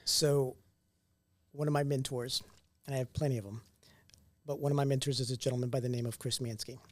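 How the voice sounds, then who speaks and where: A man's voice: medium pitch, brisk, no room sound. Casual storytelling man, dry sound. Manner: animated storyteller who acts out quoted dialogue; casual, occasional mild swearing. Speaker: entrepreneur guest. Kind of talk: conversational storytelling interview.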